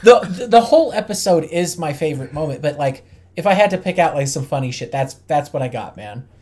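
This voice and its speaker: A woman's voice: deep voice, expressive, brisk, darkish tone. A woman co-hosting a podcast in casual chat, laid-back and wry. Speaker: podcast co-host.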